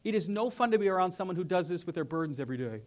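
A young male pastor with a fairly high voice gives a lively, conversational sermon in a church. His delivery swings between quiet, reflective passages and sudden energetic peaks. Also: racing. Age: young adult. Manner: animated, conversational, acts out whiny voices. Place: church sanctuary.

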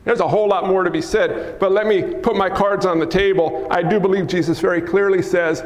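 A male pastor preaching a lively, teasing sermon, acting out scenes in a church sanctuary. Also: sits high, fairly quick, hardly any pauses. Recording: echoey hall with long reverb.

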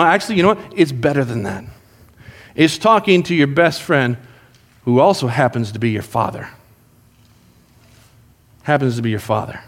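A man with a high, light voice delivers a sermon with lively storytelling. He acts out the people in his stories and shifts between playful and earnest. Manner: animated storytelling, acts out prayers. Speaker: pastor.

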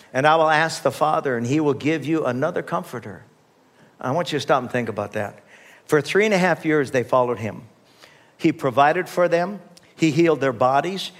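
A male pastor preaching a conversational sermon, often restarting his sentences and calling on the congregation for responses. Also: mid-range voice.

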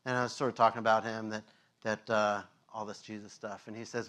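A male pastor preaching a sermon, telling an animated story that acts out voices and sound effects, with many fillers and laughs. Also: lowish voice, a little fast.

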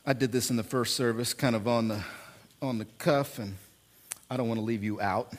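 A male pastor preaching a sermon, emphatic and repetitive, swinging from quiet asides to loud bursts. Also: mid-range voice, steady tone, normal speed. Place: church.

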